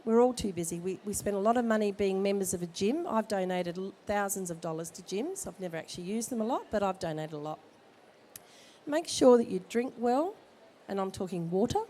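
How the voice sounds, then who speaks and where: A woman's voice: mid-range voice, expressive, a little fast, mellow, slight background noise. Chatty woman with a cold. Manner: chatty, jokey, direct advice. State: has a cold. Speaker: midwife speaker at a baby expo. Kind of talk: informal talk to expectant parents. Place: expo hall.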